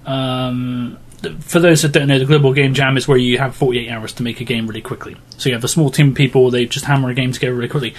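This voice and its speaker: A man's voice: mid-range voice, steady tone, fast talker. A man hosting a casual gaming podcast, chatty and rambling with fillers. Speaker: podcast host. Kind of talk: casual chat.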